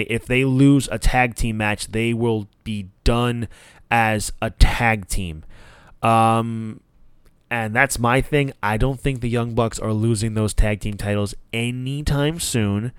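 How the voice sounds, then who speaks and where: A man in a mid-pitched voice talks through wrestling news in a loose, opinionated way, now and then jumping into short acted bits of what the wrestlers said. His voice is smooth and resonant. It is recorded close and dry, with no room sound. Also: dry recording. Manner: animated, profane, acts out promos in quick bursts. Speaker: wrestling podcast host. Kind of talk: casual wrestling recap and opinion.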